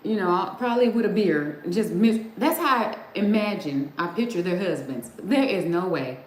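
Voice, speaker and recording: Her voice is medium-pitched and animated, moving at a moderate pace as this middle-aged woman chats informally with the viewers of her livestream. She laughs a lot along the way, and the sound is roomy with faint noise behind it.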